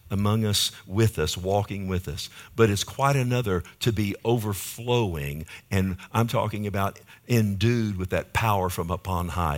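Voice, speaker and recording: A lower-voiced man preaches with passion, repeating phrases in a steady rhythm and calling out to his listeners. He drops into hushed, low lines, then comes back hard with loud emphasis. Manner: impassioned, rhythmic repetition with calls to the congregation. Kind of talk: sermon.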